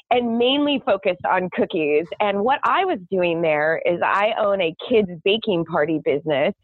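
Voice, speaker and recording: A chatty woman tells a story as a guest on an interview, laughing often and talking quickly. Her voice comes through a thin, tinny phone line. The sound is dry, with no room around it. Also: medium pitch, no echo. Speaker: guest, owner of a kids baking party business. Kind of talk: casual interview chat. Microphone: phone call.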